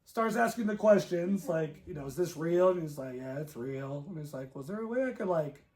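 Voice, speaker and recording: High-voiced man laughing through a story. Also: a little fast. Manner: animated retelling with frequent laughs. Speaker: movie review co-host. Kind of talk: casual chat.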